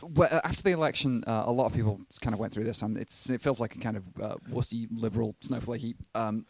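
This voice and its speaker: Swearing, rambling podcast co-host. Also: male voice, medium pitch, fast talker, husky, dry recording. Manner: swears freely, rambling and self-deprecating. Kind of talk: casual chat.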